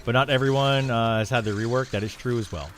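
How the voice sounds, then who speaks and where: A man's voice: mid-range voice, fast talker, slight background noise. Laid-back rambling male streamer. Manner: rambling, relaxed, many fillers and restarts. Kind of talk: casual livestream chat with viewers.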